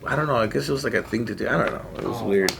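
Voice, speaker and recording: A man telling a story in casual podcast chat, animated and profane, acting out other people's voices with sudden jumps in pitch. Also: very fast, vocal fry, background noise.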